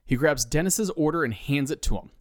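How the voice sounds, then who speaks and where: A man's voice: a little high, brisk, no echo. A man narrating a comedy story in a dry, wry storytelling manner.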